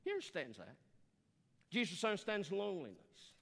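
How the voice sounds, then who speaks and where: An older man preaching a sermon in earnest tones, with dramatic pauses and the odd self-correction. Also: sits high, huge pitch swings, creaky, fairly bright tone. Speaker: pastor. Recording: long hall reverb.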